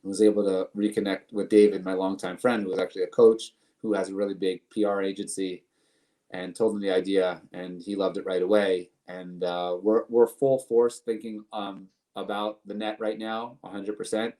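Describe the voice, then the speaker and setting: A man from the United States speaks as a guest in a casual interview, his voice low and held in a narrow, even range. He answers earnestly, stacking long lists of tasks and repeating words as he goes. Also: normal speed. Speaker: guest, company co-founder.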